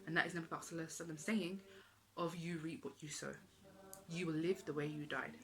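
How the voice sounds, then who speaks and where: Woman, religious talk, earnest, emotional, repeats for emphasis, fairly low voice. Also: steady tone, quick pace, a bit bright, rough recording. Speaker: Islamic speaker.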